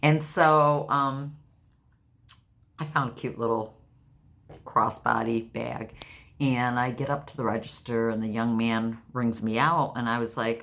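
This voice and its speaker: A woman's voice: a bass voice, steady tone, unhurried, a bit bright. A woman in her sixties chatting to her viewers, telling stories and laughing often. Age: 60s. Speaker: vlogger. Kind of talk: casual chat to camera.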